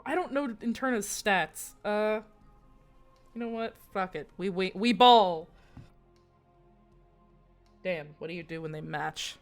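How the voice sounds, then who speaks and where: A woman's voice: mid-range voice, normal speed, soft background music. A woman running a tabletop game, narrating at an easy pace and swearing casually out of character. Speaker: game master.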